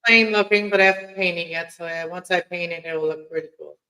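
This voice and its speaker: A man from Mexico hosts a relaxed late-night stream, rambling from one topic to the next and laughing easily. His voice is bright and crisp, with a smooth, resonant clarity. It sits slightly higher than most men's. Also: brisk, low-quality recording. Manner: chatty, laughs easily, drifts between topics.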